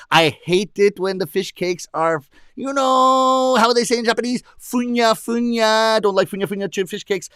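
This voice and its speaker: A man doing a gushing, flattering noodle customer. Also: high-pitched, no echo, studio quality. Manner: gushing, effusive praise with drawn-out savoring sounds. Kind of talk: comic storytelling.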